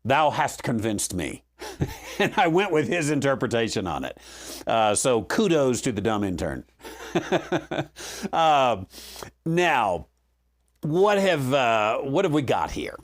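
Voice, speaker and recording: A man's voice: medium pitch, big pitch swings, slow pace, pauses often. A man teaching verse by verse through a Bible book in a conversational way, with frequent fillers and restarts and a dry sense of humor.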